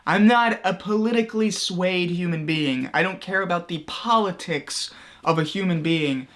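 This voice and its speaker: A man's voice: high-pitched, normal speed, fairly bright tone. A young man hosting comedic video commentary, crude and mocking, profane, often laughing at his own jokes. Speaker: commentary YouTuber.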